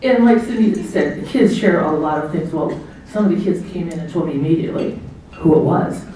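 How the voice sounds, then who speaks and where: A middle-aged woman with a low, mellow voice speaks briskly as guest of honor at her party in a hotel banquet room. Her speech is chatty and full of anecdotes, with frequent laughter and impressions of what people said. It's recorded from far off in the echoey hall, with slight background noise.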